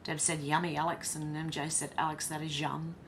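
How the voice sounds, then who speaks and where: A woman's voice: low-pitched, little pitch movement, a little fast, a little hiss or hum. An Australian woman hosting a casual livestream, reading viewers' comments aloud and chatting back to them. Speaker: livestream host reading chat.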